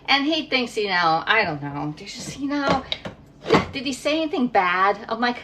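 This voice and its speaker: A woman's voice: a little high, expressive, normal speed, heavy background noise. A middle-aged woman from Pennsylvania chatting casually while cooking in her home kitchen, rambling and reading viewer comments aloud. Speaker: livestream cooking host.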